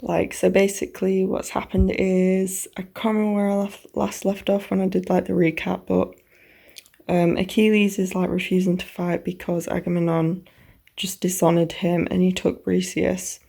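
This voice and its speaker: A woman's voice: fairly low pitch, little pitch movement, normal speed, vocal fry, mellow. A young woman casually recapping a novel for her reading vlog, chatty and swearing freely, often dropping into a whisper. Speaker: book vlogger.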